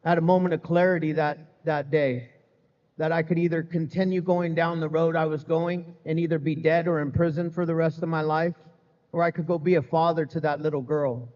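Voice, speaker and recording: Speaking a little fast in a steady, darkish tone, a middle-aged man with a fairly high voice gives a candid, joking recovery testimony to a live event-hall crowd. He talks loosely, saying "man" and "you know" often. A long hall reverb and somewhat muffled sound color the recording.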